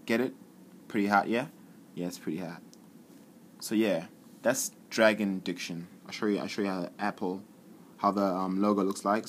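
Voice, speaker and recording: Low-voiced guy showing off his phone apps, laid back and rambly, bit of hiss behind. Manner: relaxed, chatty, repeats himself. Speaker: app reviewer. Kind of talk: casual tech vlog demo.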